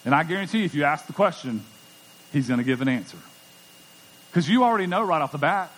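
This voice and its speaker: A man's voice: a little high, expressive, fast, a bit bright. A middle-aged man preaching a sermon as pastor, conversational and emphatic, often repeating words as he goes. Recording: long church hall reverb.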